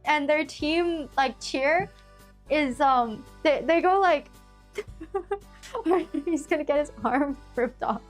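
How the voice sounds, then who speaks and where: A young woman with a high, light voice chats casually with her stream viewers, rambling and giggling through lots of fillers and restarts. Soft music plays faintly underneath. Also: slow.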